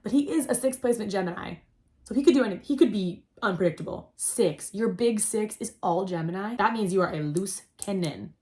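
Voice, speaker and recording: A young adult woman hosting a casual storytelling chat, rambling and excitable, saying "like" constantly. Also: mid-range voice, brisk. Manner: rambling and excitable, heavy use of "like". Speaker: host.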